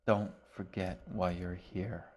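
A man voicing a cold, menacing man who speaks in a quiet, flat monotone. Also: sits low, slow pace, slightly rough, heavily acted. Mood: quiet menace.

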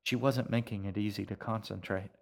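Male author-narrator, low register, quiet measured audiobook delivery. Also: steady tone, gravelly. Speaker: author reading his own serialized novel.

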